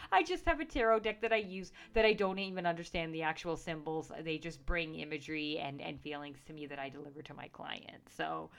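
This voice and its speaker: A woman's voice: on the low side, a little fast, hardly any pauses, a bit bright. A woman who works as a professional psychic, talking casually and earnestly, reassuring listeners with many fillers and restarts. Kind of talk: casual talk to camera.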